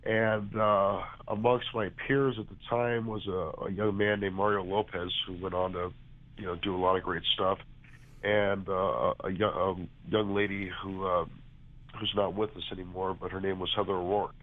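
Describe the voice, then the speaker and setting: A man in his forties from California, congested and a bit hoarse, chatting as a guest with lots of restarts over the phone. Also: low voice, level tone, normal speed. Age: 40s. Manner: chatty, rambling with many restarts. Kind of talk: phone interview. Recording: tinny phone line.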